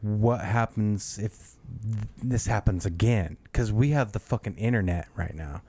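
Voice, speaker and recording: A man's voice: on the low side, unhurried, mellow. A man co-hosting a podcast in casual, profane, rambling chat, often trailing off and restarting. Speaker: podcast co-host.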